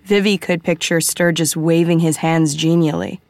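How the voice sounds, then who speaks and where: Low, dry-voiced woman for audiobook narration; measured and quietly suspenseful. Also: fairly even intonation, no room sound.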